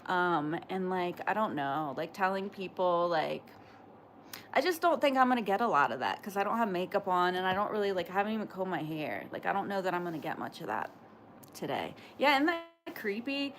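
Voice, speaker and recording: A woman's voice: medium pitch, a little hiss or hum. A woman livestreaming, chatting casually with her viewers and answering comments in a rambling way, full of fillers. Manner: rambling, filler-heavy, talks back to chat. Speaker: livestreamer reading chat.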